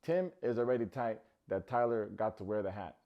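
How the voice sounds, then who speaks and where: A man hosts a comedic recap of a TV show, tossing out sarcastic jokes and teasing asides. His voice sits fairly low, and the recording sounds a little dull and lo-fi. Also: expressive, a little fast. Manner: playful, sarcastic, jokey asides. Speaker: recap host.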